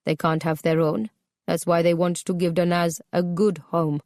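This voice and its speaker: A woman's voice: fairly low pitch, flat delivery, normal speed, darkish tone, no echo, clean studio sound, lightly acted. A woman narrator voicing a cold, controlling husband who speaks in curt, menacing commands. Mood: cold, commanding.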